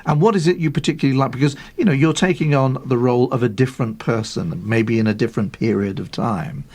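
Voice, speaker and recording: Man, 60s, radio presenter, husky voice, encouraging, lightly teasing interviewer. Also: medium pitch, fast talker. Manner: encouraging, gently teasing questions.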